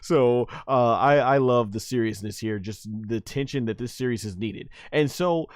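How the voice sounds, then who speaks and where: A man's voice: mid-range voice, moderate pace, clear, resonant tone, no echo, clean studio sound. A man hosting his own channel, recapping an anime episode in a rambling, casual way, full of fillers, restarts and frequent chuckles.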